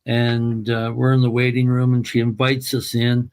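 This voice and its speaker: A man's voice: medium pitch, little pitch movement. A man as an interview guest, telling an emotional personal story in an earnest, emphatic way. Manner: earnest, emphatic, slow and deliberate.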